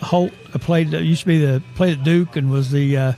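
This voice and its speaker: Hosting a relaxed local sports talk show, a man with a slightly high voice for a man rambles and chuckles through stories about former players. He talks fairly quickly, with faint music in the background.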